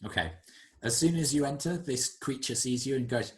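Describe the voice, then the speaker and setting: A man narrating as game master, describing scenes in an unhurried, descriptive way. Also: medium pitch.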